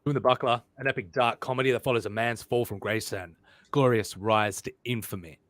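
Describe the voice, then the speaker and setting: A man co-hosting a casual livestream, reading viewer comments aloud with loud joking banter and swearing. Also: medium pitch, fairly even intonation, fairly quick, dry recording. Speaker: livestream co-host.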